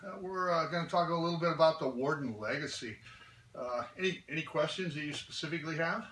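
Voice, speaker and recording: A man's voice: on the high side, fast talker. A man, a martial arts instructor and knife maker, telling a story in a chatty way with many fillers. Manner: chatty, animated, hesitant with fillers. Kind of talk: anecdotal storytelling. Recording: echoey room from far off with faint noise.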